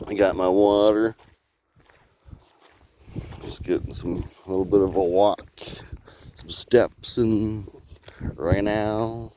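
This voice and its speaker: A man's voice: lowish voice, steady tone, takes it slowly, long pauses, mellow, slight background noise. A man from Canada rambling and swearing in a casual vlog outdoors by the water, filming on a handheld camera, laughing often. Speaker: vlogger.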